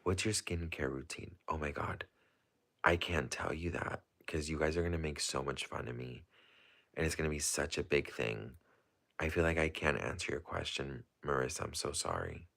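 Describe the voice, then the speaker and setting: Low-voiced, bright, chatty man. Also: moderate pace, vocal fry. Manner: chatty, excitable, rambling with many fillers. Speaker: livestreamer. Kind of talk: casual livestream chat.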